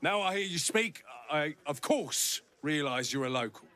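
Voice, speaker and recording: A snide bigoted local. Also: male voice, on the high side, animated, moderate pace, pushed and bright. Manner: snide, dismissive.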